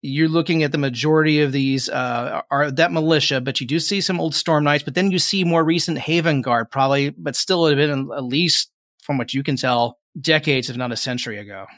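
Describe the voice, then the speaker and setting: A man's voice: fairly high pitch, fairly quick, fairly bright tone, no room sound, clean studio sound. A man narrating a tabletop game as game master, describing scenes in a rambling way with many fillers.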